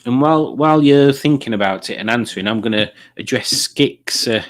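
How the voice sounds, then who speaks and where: Man, live-stream quiz host, mid-pitched voice, rambling jokey chat reading comments into a desk mic. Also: a little fast. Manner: jokey, rambling, chuckling at puns.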